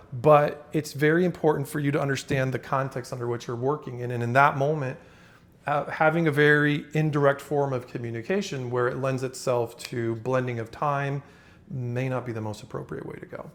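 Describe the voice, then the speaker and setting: A man in the middle of a casual talking-head lesson, speaking at an everyday mid pitch. His delivery is loose and conversational, full of fillers and quick restarts. Every so often he stops to act out a short example phrase before carrying on with the explanation. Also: fairly even intonation. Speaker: communication coach.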